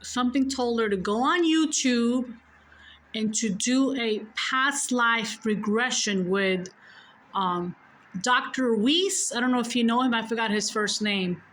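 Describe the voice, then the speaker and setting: A woman's voice: a little high, unhurried, a bit bright, slight background noise, poor audio. A woman telling a personal story in a casual, rambling way, correcting herself often and swearing freely.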